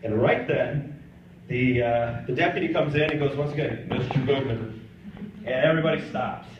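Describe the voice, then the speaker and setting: A man's voice: medium pitch, normal speed, a little hiss or hum. A man who is a pro-life missionary, telling his personal testimony conversationally and acting out the dialogue. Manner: conversational, acts out dialogue in quotes. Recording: distant, echoey, dull-sounding room recording.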